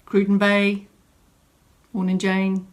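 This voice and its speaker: A woman's voice: mid-range voice, completely flat delivery, slow. A woman fitness instructor, chatting and greeting viewers by name at the start of a live online exercise class from a home room. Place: home room set up as studio.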